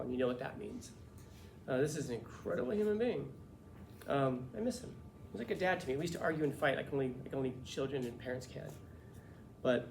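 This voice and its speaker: A male teacher telling a story to his class in a casual, lively, joking way. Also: mid-range voice, vocal fry. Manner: casual, lively, swears and jokes. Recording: echoey classroom, faint noise.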